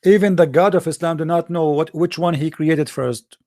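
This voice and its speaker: A man's voice: a little high, normal speed, warm tone, dry recording, clean studio sound. A man hosting a debate show, talking in a mocking, argumentative live-stream monologue.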